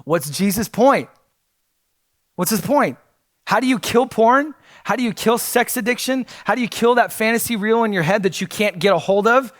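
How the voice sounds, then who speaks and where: A man's voice: sits high, animated, normal speed, dry recording, clean studio sound. A man preaching a sermon as pastor, earnest and blunt, with frequent fillers and restarts.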